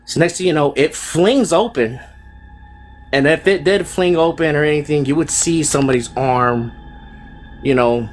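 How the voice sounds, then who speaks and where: A man's voice: on the high side, moderate pace, slight background noise. A man telling a true ghost story in a casual, rambling way, full of fillers and slang. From Fresno, California. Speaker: storyteller guest.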